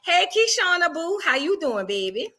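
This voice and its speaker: A high-pitched woman with a New Orleans accent, hosting a loose livestream chat. Her voice is bright and forward, and she talks in an animated, playful way as she greets her viewers one by one. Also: unhurried. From New Orleans, Louisiana. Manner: animated, playful, calls viewers boo and girl. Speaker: livestream host.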